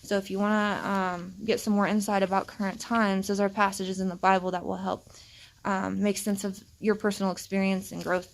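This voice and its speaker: A woman's voice: medium pitch, level tone, fairly quick, vocal fry. Earnest woman giving a rambling faith talk. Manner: earnest, rambling, repeats herself. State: freezing cold. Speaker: vlogger sharing faith messages. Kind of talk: casual spiritual talk and Bible reading. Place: outdoors at night, cold.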